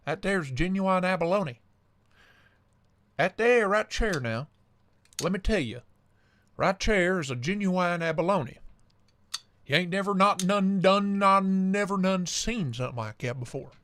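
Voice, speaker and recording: A man voicing an old Southern grandpa back from the dead, with a Southern accent and a slow, folksy, rambling drawl. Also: high-pitched, animated, fairly bright tone.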